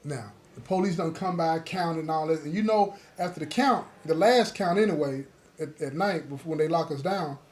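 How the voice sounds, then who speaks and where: Telling a casual story from his time in prison, this host talks directly to his audience, checking they're following along. His voice is a little high, his pace normal with hardly any pauses, and he livens things up by playing the other characters.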